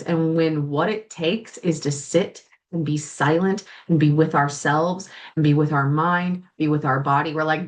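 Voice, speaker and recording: A woman hosting a coaching podcast talks straight to her listener in a slightly low voice. She is blunt and profane and swears freely, and now and then she sounds close to tears. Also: animated, moderate pace, few pauses. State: tearful at times. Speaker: life coach and podcast host. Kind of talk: solo podcast monologue.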